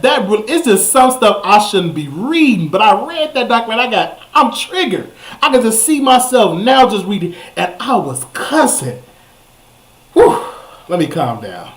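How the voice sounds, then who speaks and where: Dude hosting his show, ranting and cracking himself up, keeps jumping high when he gets worked up. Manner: animated, jumps to high exclamations, repeats himself. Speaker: talk show host. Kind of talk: comedic ranting storytelling.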